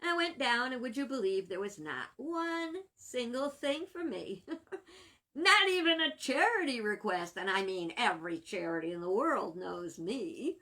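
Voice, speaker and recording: A woman minister talking casually to the camera, chatty and quick to laugh. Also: fairly high pitch, sing-song, pushed and bright. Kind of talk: casual storytelling vlog.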